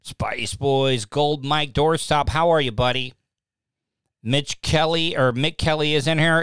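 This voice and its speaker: Slow and very animated, this host's voice is on the high side, a bit bright, clear, and resonant, with no room sound. He's doing a rambling, self-deprecating live-stream chat from a lamp-lit home studio, and he often repeats himself. He speaks into a desk podcast mic connected to a mixing board.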